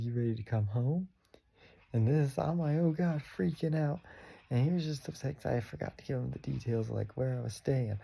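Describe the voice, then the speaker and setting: A young man with a gravelly, husky voice tells a rambling personal story in a loose, casual way. His tone is dark and mellow, and he keeps slipping into quick acted-out lines of what he thought and said. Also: medium pitch. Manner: rambling, animated retelling with many quoted asides. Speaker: vlogger.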